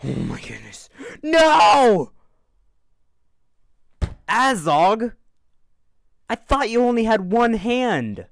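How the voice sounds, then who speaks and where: A man giving let's-play commentary on a video game, swinging from panicked yelling to calm, unhurried remarks. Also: high-pitched, creaky, dry recording, studio quality. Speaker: gaming video creator.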